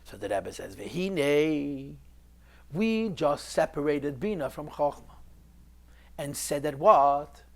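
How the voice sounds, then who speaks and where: A man's voice: a little high, lively intonation, slow pace, gravelly. A man teaching a recorded class on a Chassidic text, explaining step by step, repeating key phrases and mixing Hebrew and Yiddish terms into his English. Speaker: Torah teacher.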